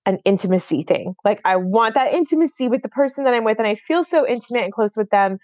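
A woman's voice: fairly high pitch, lively intonation, fast, darkish tone, no room sound. A woman in her thirties co-hosting a podcast, rambling in a casual chat with many fillers and restarts. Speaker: podcast co-host.

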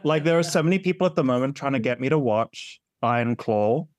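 A man's voice: mid-range voice, lively intonation, a little fast. A man co-hosting a podcast, chatting animatedly and laughing often, with playful exasperation. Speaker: podcast co-host. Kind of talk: casual chat.

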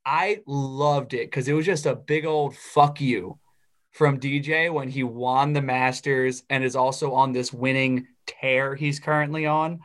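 Young guy cohost, middle pitch, opinionated and gets fired up ranting. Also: unhurried. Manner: opinionated, animated when ranting. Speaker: podcast co-host. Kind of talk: casual chat.

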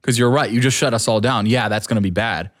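Animated man ranting in casual chat. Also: medium pitch, quick pace. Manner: animated, rambling, gets worked up.

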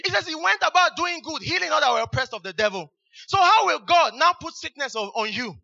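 A high, very bright male preacher, exclaiming hallelujah over and over between verses. His voice is sharp and piercing, and the recording is dull and lo-fi. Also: expressive, fairly quick, creaky. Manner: exclamatory, repeats hallelujah, fervent. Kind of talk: sermon.

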